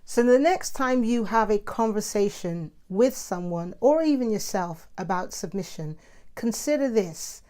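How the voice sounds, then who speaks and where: Woman, middle-aged, mid-range voice, mouthy, lively casual talk. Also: mid-range voice, unhurried. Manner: animated, chatty, self-described mouthy. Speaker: host. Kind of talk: casual spoken monologue.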